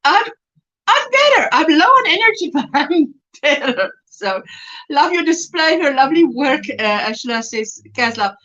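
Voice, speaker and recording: A woman's voice: high voice, sing-song, unhurried, sharp tone. A woman hosting a casual crochet livestream, chatting and laughing often as she reads out viewer comments. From South Africa. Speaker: livestream host. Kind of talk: casual chat while crocheting live. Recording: lo-fi livestream audio.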